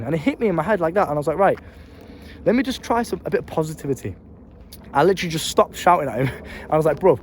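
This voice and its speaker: Young English man, rapid and slightly high-pitched, blunt and sweary, filming on his phone. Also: animated, darkish tone, a little hiss or hum. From England. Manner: blunt, profane, emphatic with street slang. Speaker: vlogger. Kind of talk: casual storytelling advice.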